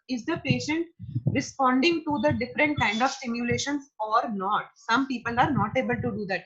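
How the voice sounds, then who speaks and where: A woman's voice: fairly high pitch, a bit bright, breathy edge, muffled recording. A woman giving an online psychology lecture, explaining terms patiently and repeating key words.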